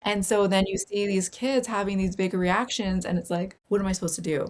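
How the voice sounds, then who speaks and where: A woman's voice: mid-range voice, steady tone, a little fast. A woman guest on a podcast, a holistic healing practitioner, talking chattily and candidly with lots of "like" fillers. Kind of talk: casual conversational interview.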